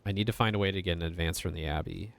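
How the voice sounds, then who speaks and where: A man's voice: low voice, racing, vocal fry, background noise. A man voicing a polite young male artist in a narrative game, earnest and pleading.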